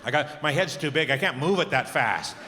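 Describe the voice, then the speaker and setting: A middle-aged man performing a stand-up comedy set on stage, telling animated stories and acting out the voices he quotes. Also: fairly high pitch, a little fast, a little hiss or hum. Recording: reverberant club with audience laughter.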